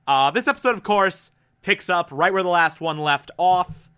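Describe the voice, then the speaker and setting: A man's voice: high voice, lively intonation, normal speed, fairly bright tone, smooth. A man giving casual review commentary on a cartoon episode, gushing and enthusiastic, with frequent "uh" fillers.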